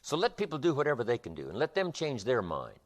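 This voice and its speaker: A man's voice: medium pitch, wildly swooping pitch, fast talker. A man giving a motivational seminar lecture with an emphatic, repetitive rhythm. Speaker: motivational speaker.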